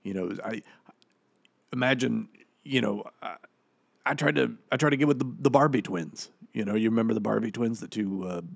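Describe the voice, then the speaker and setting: A man's voice: lowish voice, moderate pace, gravelly, dry recording, clean studio sound. A man playing the rambling, profane ghost of a washed-up male actor in a comedic audio commentary, full of fillers. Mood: rambling, boastful.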